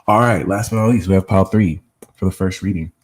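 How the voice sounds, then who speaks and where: A man with a very low voice hosts a live tarot reading. He talks in a loose, conversational way and breaks off now and then to thank and answer his viewers. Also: quick pace. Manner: casual, chats with viewers between readings. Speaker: tarot reader and host.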